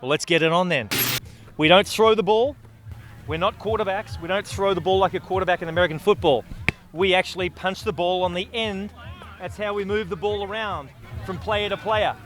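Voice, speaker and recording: A man's voice: sits high, a little fast. Bossy man coaching footy. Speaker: host teaching Aussie rules football. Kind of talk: comedic coaching banter.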